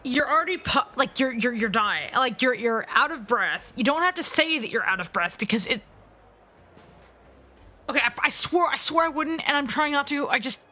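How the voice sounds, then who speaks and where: Bright, high-voiced woman reacting to a game. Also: animated, normal speed. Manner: exasperated, stammering interjections. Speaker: let's play co-host. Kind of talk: casual reactions. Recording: background game music. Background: game music.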